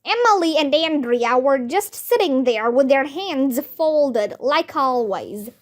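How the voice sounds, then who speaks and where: A woman reading a children's chapter book aloud, narrating in a lively way and giving each character a voice. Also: sits high, takes it slowly.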